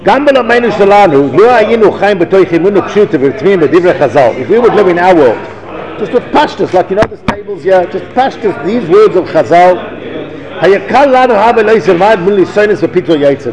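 A man teaching a Torah class to an audience, reading Hebrew passages and translating them, acting out the dialogue in animated bursts. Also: sits high, rapid-fire, in a large hall. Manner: animated, reads Hebrew text then translates, acts out dialogue. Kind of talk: Torah lecture.

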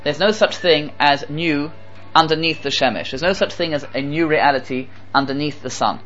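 A man giving a Torah talk as a sermon, animated and repeating phrases for emphasis, with Hebrew terms mixed in. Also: on the high side, moderate pace, lo-fi sound, soft background music. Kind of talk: sermon with storytelling.

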